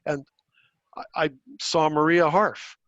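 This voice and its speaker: A blunt man with a slightly high voice, chatting on a podcast about politics. He swears easily and circles back through restarts as he talks. The sound is dry and a little dull and lo-fi. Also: steady tone, takes it slowly, a bit bright, dry recording. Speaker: podcast co-host. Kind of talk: casual political chat.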